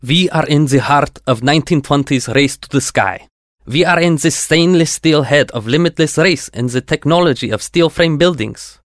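A man's voice: fairly high pitch, normal speed, dry recording, clean studio sound, pitched above the performer's own voice, close to an everyday voice. A man doing a fervent Russian engineer. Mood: awed. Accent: thick Russian. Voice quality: thick accent, emotional, fervent. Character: Russian émigré structural engineer, older man, earnest and emotional.

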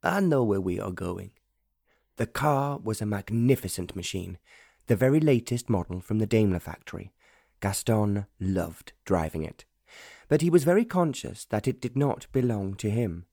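A man narrates a historical romance audiobook with a measured, even delivery. His voice is warm and mellow, and the recording is close and very dry, with no room sound. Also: on the low side, no echo. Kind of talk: scripted narration.

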